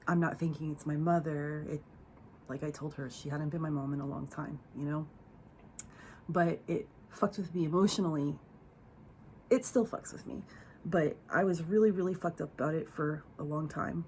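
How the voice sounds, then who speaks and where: A woman's voice: low-pitched, fairly even intonation, normal speed, darkish tone, a little hiss or hum. A young woman telling a candid personal story on her vlog, profane and emotional, rambling with fillers.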